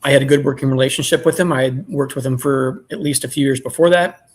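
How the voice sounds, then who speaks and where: A man who keeps bees, telling a story in relaxed, rambling chat and clearing his throat often. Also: mid-range voice, quick pace. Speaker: beekeeper selling nucleus colonies.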